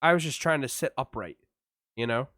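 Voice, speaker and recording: Talking a little fast in a mid-range voice, a podcast co-host spins an animated story, acting out voices and swearing a lot. His mouth is numb from dental work; the casual chat is recorded in clean studio sound with no echo.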